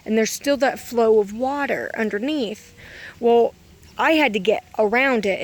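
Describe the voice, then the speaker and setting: Rambling woman recounting dreams. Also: fairly high pitch. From Kentucky. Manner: rambling, self-correcting, full of "um" and "like". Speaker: vlogger. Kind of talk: casual storytelling of dreams.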